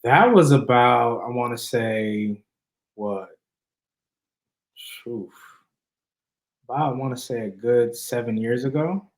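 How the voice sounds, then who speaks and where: A man's voice: mid-range voice, slow pace, pauses often. A man in his twenties, a guest, telling his life story earnestly in a casual interview and acting out the people he quotes. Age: 20s. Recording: roomy echo.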